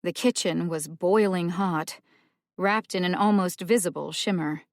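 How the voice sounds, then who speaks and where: A woman reading a thriller audiobook as narrator in a measured, unhurried way. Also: on the low side, no room sound, studio quality. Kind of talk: scripted narration.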